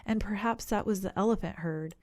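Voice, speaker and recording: Polite helpful rhino guy, measured, storybook animal, done by a woman. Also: medium pitch, darkish tone, close to an everyday voice.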